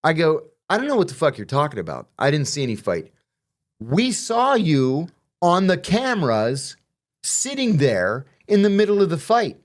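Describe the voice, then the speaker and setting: A man's voice: on the high side, huge pitch swings, normal speed. A middle-aged man telling prison stories in casual conversation, acting out the quoted exchanges with profanity.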